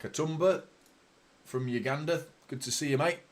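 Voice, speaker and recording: A man hosting a live football watchalong, chatting casually and swearing freely, quickly heated and exasperated by mistakes. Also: on the high side. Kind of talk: live match commentary and chat.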